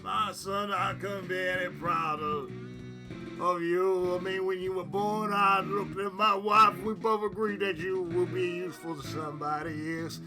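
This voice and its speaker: A streamer voicing a stern father who scolds his son, slow and mock-solemn, with game music playing behind. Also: mid-range voice, fairly even intonation, close to an everyday voice.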